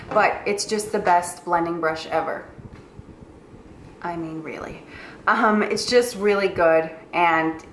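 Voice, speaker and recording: A young woman with a New York accent, a makeup artist chatting through her monthly favorites in a gushing, filler-heavy way. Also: on the low side. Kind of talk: casual monthly favorites vlog. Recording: roomy echo with faint noise.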